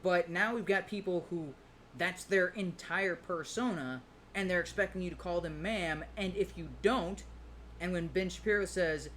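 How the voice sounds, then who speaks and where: A man's voice: high voice, moderate pace, fairly bright tone, a little hiss or hum. A man co-hosting a casual talk stream, rambling and acting out quoted voices as he goes. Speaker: podcast co-host. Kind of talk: casual opinion chat.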